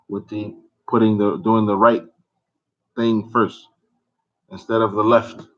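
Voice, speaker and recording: A man's voice: on the low side, steady tone, a little slow, pauses often. A man teaching a religious text, reading lines in Arabic and then explaining them in English, with frequent hesitations. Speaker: Islamic studies teacher. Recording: distant, echoey, dull and noisy.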